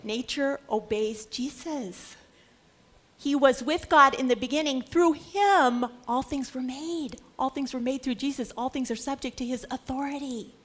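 A woman's voice: sits high, unhurried. A middle-aged woman teaching a Bible lecture, earnest and emphatic. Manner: earnest, acts out scripture quotes with emphasis. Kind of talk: religious lecture.

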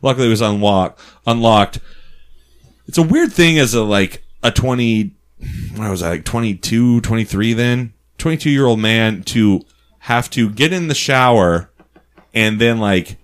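A man telling a funny story in a casual, animated, profane way, laughing often. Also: medium pitch, unhurried, smooth.

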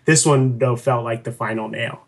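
A middle-aged man, a guest on an interview show, telling a personal story in a lively, laughing way and acting out what others said. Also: mid-range voice, normal speed. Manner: animated, laughing storyteller who acts out quotes. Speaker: podcast guest.

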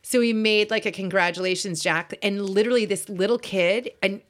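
A woman's voice: medium pitch, fairly quick. A woman in her forties co-hosting a casual chat, talking frankly and swearing freely. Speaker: podcast co-host.

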